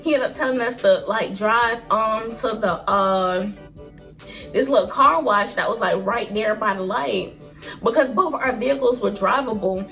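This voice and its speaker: A woman in her early twenties tells a personal story to her vlog audience in an animated, expressive, slangy way. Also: on the high side, measured pace, faint music behind. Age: early 20s. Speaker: vlogger.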